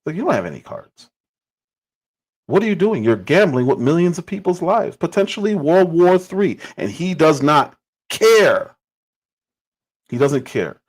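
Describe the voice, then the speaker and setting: A man's voice: on the high side, big pitch swings, unhurried, pauses often, breathy edge, low-quality recording. A man hosting a livestream and giving casual political commentary. He talks emphatically and repeats phrases for stress.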